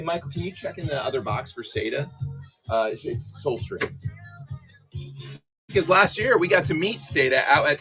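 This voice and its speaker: A man with a fairly high voice hosts a live comic giveaway stream, chatting upbeat and trading joking banter in a casual way. The recording quality is low.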